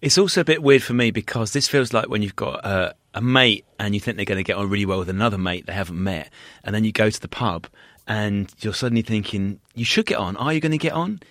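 A man's voice: on the low side, quick pace, few pauses, fairly bright tone. A man co-hosting a podcast, cheerful and chatty as he tells stories in casual chat. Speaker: podcast co-host.

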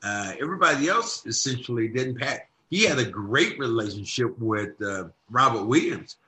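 A man co-hosting a podcast, talking basketball in a casual, emphatic way that turns loud and lively when he argues a point. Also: mid-range voice, normal speed. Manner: emphatic, gets loud and animated when arguing. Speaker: podcast co-host. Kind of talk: casual sports talk.

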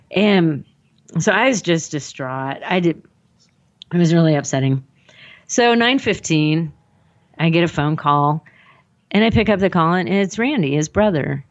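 A woman's voice: fairly low pitch, lively intonation, measured pace, long pauses, highs cut off. A woman telling a personal story in conversation, rambling and acting out the dialogue with lots of "like". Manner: rambling, acts out the dialogue, frequent "like".

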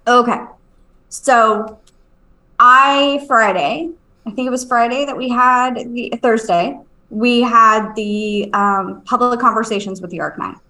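A woman, a medium and podcast co-host, telling a story at home in a casual, animated way, swearing and checking in with her listener. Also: a little high, a little slow, low-quality recording. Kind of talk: casual storytelling on a live stream.

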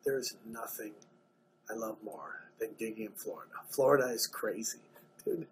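A man doing stand-up comedy, telling a wild story with lots of swearing, jumping into excited outbursts. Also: moderate pace, a little hiss or hum. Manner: animated, swearing, jumps into excited high outbursts.

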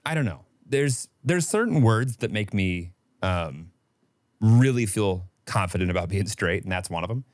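A man's voice: lowish voice, normal speed, dry recording. Young guy on a podcast, hesitant and wry, voice swoops all over, dry sound. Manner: wry, hesitant, deadpan asides. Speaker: podcast co-host. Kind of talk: casual chat.

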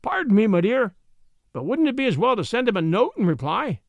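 A man's voice: high-pitched, sing-song, a little fast, dry recording, dull audio, voice pushed up. A man voicing a fond, blustery old uncle in a read-aloud story.

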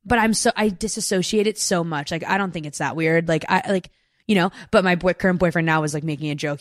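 Low-voiced young woman, blunt and candid. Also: quick pace, dry recording, clean studio sound. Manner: candid and blunt, heavy use of filler words. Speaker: podcast guest. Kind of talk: casual chat. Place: Los Angeles.

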